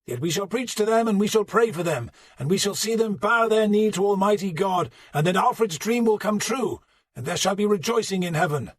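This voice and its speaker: A man putting on a hoarse, fervent old archbishop. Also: sits high, animated, a little fast, voice pushed up. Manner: fervent, rising declamation. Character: stern old archbishop preaching a funeral sermon.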